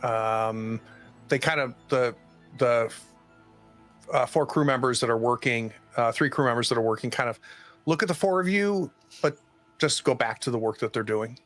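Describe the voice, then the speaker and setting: A man's voice: mid-range voice, moderate pace, fairly bright tone, faint music behind. A man running a tabletop horror game as game master, hesitant and full of ums and restarts.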